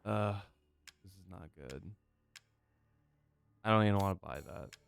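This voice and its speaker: A man's voice: deep voice, a little slow, vocal fry, smooth, no room sound. A young man rambling through a let's play, self-mocking and swearing as he gets lost. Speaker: gaming YouTuber. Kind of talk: casual let's play commentary.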